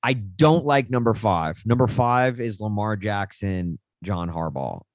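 A man's voice: on the low side, expressive, a little slow, no room sound. Brief: young male podcast co-host, easygoing rambling delivery, dry close-mic sound. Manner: rambling, self-deprecating, jokey. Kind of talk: casual sports chat.

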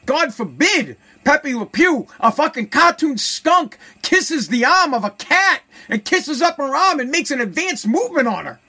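Man, high-pitched voice, heated profane rant, repeats himself for emphasis. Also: sing-song, unhurried, hardly any pauses, sharp tone.

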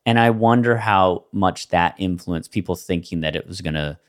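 A man's voice: sits low, normal speed. A man co-hosting a podcast in casual, rambling chat, loose and full of fillers. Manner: laid-back, rambling with many fillers and laughs. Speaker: podcast co-host.

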